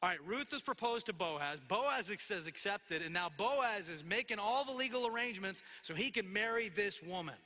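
A man delivers an expository sermon, reading verses and unpacking them. His voice sits high and sounds bright. It carries a long reverb from a large hall. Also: expressive, normal speed, hardly any pauses. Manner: expository preaching with quoted scripture and asides. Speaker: pastor.

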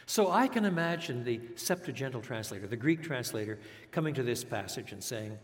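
A man's voice: mid-range voice, lively intonation, a little fast, hardly any pauses. An older man from French Canada, raised speaking English and French, preaching a teacherly sermon with rhetorical questions and repeated words. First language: bilingual English and French. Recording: long reverb of a large hall.

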